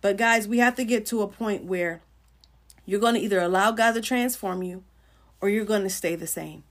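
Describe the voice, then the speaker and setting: She's a middle-aged Christian livestream host, delivering a casual sermon and calling out viewers by name in an earnest, conversational way. Her voice is medium-pitched and moves at a normal speed.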